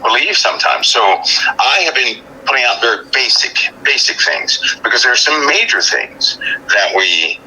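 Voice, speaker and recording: A man speaking as a guest over a cell phone in a call-in interview. He talks in a halting, grave way, with many restarts and repeated words. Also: mid-range voice, very animated, bright, forceful tone, slight background noise, rough recording.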